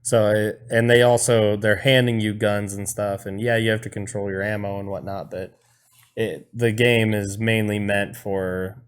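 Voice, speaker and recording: Laid-back low-voiced man chatting. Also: level tone, moderate pace, smooth. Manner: laid-back, hesitant with fillers. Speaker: podcast co-host. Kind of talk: casual chat.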